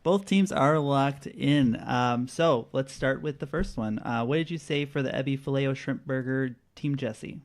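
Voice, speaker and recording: A man hosting a casual trivia podcast. He reads out the answers in a relaxed way and laughs often. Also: mid-range voice, normal speed, few pauses. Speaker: quiz host.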